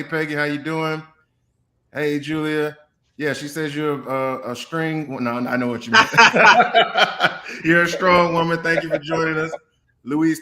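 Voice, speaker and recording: A male host of a live stream, upbeat as he welcomes viewers. His voice is a little high, bright and forceful.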